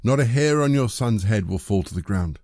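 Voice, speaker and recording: A man's voice: on the low side, expressive, a little fast, a little mellow, dry recording, studio quality. A man reading as a grave old king.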